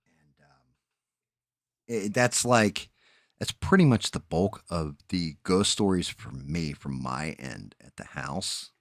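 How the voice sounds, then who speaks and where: A man's voice: low voice, animated, slow, pauses often, no echo, clean studio sound. A man, telling rambling, profane stories in a casual chat as a stream host. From New Jersey. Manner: rambling, profane, laid-back storyteller.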